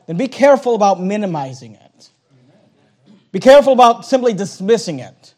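Male pastor, high pitched, emphatic repetitive sermon delivery. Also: expressive, brisk. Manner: emphatic, repetitive preaching with rising intensity.

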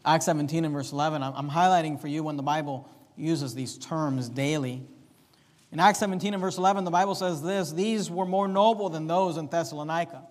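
A man preaching a sermon as pastor, moving between quiet reading and raised, emphatic preaching. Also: fairly high pitch, long reverb tail. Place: church sanctuary.

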